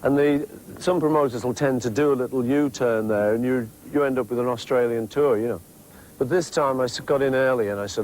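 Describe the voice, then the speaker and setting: A man's voice: mid-range voice, fairly quick, a little mellow, rough recording. A man in his fifties with a Liverpool accent talks through an interview at an easy, rambling clip, tossing in playful asides. A faint hiss sits under the voice. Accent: Liverpool English. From England. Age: 50s. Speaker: interviewee, musician. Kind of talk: relaxed interview chat.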